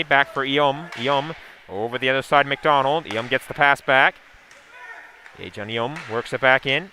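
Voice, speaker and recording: A man giving a steady, running play-by-play call of a hockey game, with asides and sponsor plugs. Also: medium pitch, a little hiss or hum. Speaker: play-by-play commentator. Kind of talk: live hockey play-by-play commentary.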